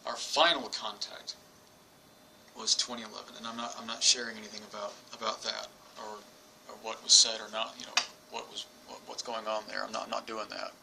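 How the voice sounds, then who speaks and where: A man in his forties telling a personal story to camera, rambling and halting with many restarts. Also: on the low side, level tone, creaky, background noise. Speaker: vlogger. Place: England.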